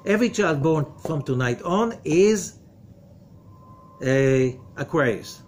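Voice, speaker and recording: Emphatic rabbi lecturing, slightly high voice. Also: male voice, lively intonation, takes it slowly, a little hiss or hum. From from outside America. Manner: emphatic, full of rhetorical questions; drops to a low, quiet voice for warnings. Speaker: rabbi teaching Kabbalah. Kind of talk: lecture to a study group.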